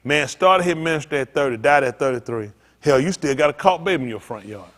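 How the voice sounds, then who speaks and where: Lively high-pitched preaching man. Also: quick pace. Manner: animated, joking, talks to the congregation. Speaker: pastor. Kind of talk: freewheeling preaching with comic asides.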